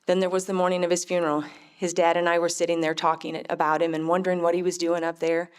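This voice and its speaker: A middle-aged woman, a mother, telling her faith testimony in an earnest, heartfelt, measured way. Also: fairly low pitch, little pitch movement, clear, resonant tone. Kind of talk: personal testimony storytelling.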